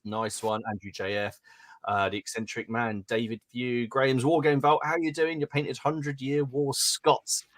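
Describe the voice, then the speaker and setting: A man's voice: medium pitch, level tone, moderate pace. Man, from England, podcast host, chatty, laughs often, trips over names. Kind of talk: casual chat reading out chat names.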